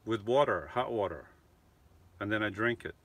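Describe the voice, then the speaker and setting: A man's voice: on the low side, lively intonation, normal speed, fairly bright tone. A middle-aged man chatting casually on a live stream, rambling and restarting his sentences as he answers viewers. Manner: chatty, rambling, frequent restarts and self-corrections. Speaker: vlogger answering live chat.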